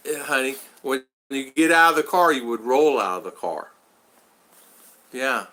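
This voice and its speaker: A man from the United States talks casually on a home livestream. His voice is bright and forceful. He greets viewers by name and tells rambling stories. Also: medium pitch, expressive, measured pace. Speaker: vlogger hosting a livestream. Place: home in the Philippines.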